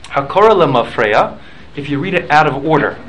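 A man's voice: on the high side, very animated, brisk, a bit bright, slight background noise, rough recording. A man teaching a Talmud class, explaining rules with examples and often repeating and restarting his words.

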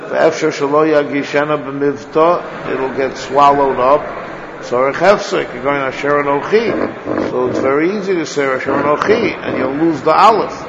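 Man, religious teacher, lecture, gravelly voice, sounds words out slowly, echoey hall. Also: on the high side, muffled recording. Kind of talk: classroom lecture on Hebrew text.

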